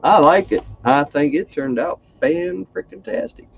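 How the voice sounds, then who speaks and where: A man's voice: a little high, a little slow, creaky, dull audio, slight background noise. A man hosting a casual crafting livestream, chatty and folksy, greeting viewers by name.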